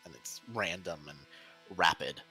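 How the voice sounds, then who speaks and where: A man's voice: low-pitched, a little slow, sharp tone, faint music behind. A man narrating as game master of a tabletop role-playing game, describing scenes loosely with many fillers.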